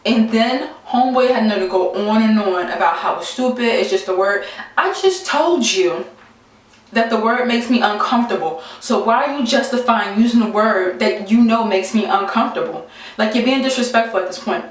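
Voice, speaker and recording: A young woman vlogger telling a story to camera in a casual, animated, exasperated way, acting out the quotes. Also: fairly high pitch, moderate pace. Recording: very echoey room, mic far off.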